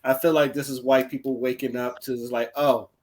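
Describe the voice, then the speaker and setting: A man's voice: medium pitch, level tone, brisk, darkish tone. Brief: male podcast cohost, loose and profane, restarts his sentences, mid-range voice. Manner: laughing, profane, repeats himself. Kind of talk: casual chat.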